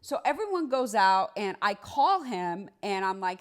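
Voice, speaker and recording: A woman's voice: unhurried, hardly any pauses. A woman, a trial lawyer, telling a personal story in a casual, conversational monologue. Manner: animated, acts out dialogue with big pitch swings; conversational, many fillers like "like" and "right".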